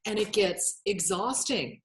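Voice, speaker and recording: A woman's voice: mid-range voice, animated, unhurried, echoey room. A woman therapist in casual interview talk, blunt and swearing freely, acting out quotes as she explains. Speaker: therapist and author.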